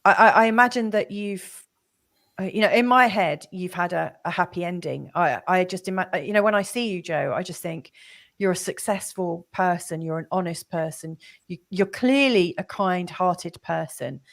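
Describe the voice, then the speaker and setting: A woman host with a fairly low voice interviews her guest, pausing often on "um" as she gathers her thoughts. Her questions come in a gentle, searching manner. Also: creaky. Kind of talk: conversational interview.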